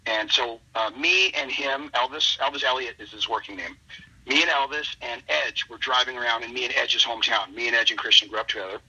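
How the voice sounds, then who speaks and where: A man's voice: medium pitch, brisk, sharp tone, slightly rough. A man, a wrestler, telling a rambling casual anecdote with lots of restarts, on a muffled lo-fi line. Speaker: wrestler guest. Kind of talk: casual storytelling.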